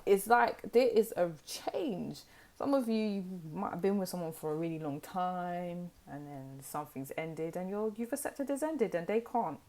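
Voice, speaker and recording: Low-voiced woman, sassy tarot chat. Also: expressive, normal speed, a little mellow. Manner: chatty and sassy, heavy use of "like" and "you know". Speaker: tarot reader. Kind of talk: casual direct-to-camera tarot reading.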